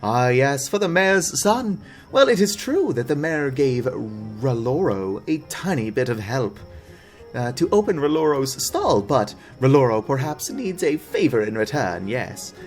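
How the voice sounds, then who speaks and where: A man's voice: mid-range voice, big pitch swings, faint music behind. A man doing a pompous merchant with a put-on foreign accent. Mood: grandiose. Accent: vague put-on foreign accent. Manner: slow, drawn-out and grandiose. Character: pompous male candle merchant, showy and scheming.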